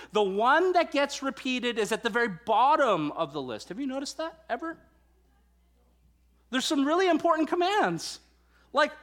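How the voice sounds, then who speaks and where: A male pastor delivers a sermon in a slightly high, bright-sitting voice. He reads scripture in a steady, measured way, then talks conversationally and playfully, asking the congregation questions.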